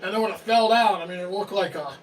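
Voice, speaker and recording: A high-pitched man calls a hockey game play by play on a livestream, with quick excited calls and loose, swearing banter. He sits well back from the microphone. Faint background noise sits under his voice. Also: recorded from a distance, poor audio. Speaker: livestream co-host calling the game. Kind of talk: casual play-by-play commentary.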